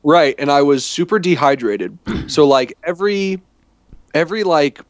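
A man's voice: a little high, expressive, moderate pace, dry recording. A man telling a long, meandering travel story in casual chat, often restarting his sentences. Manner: rambling, self-correcting storytelling.

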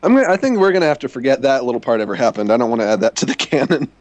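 A man's voice: medium pitch, expressive, very fast, dry recording, highs cut off. A man hosting a casual livestream podcast, reading out listener emails with wry sarcasm. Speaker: podcast host.

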